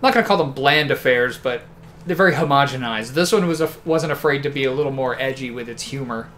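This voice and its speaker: A man co-hosting a game playthrough, relaxed and chatty, explaining game details as he watches. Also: medium pitch, fast. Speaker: co-host watching the play. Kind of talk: let's play commentary.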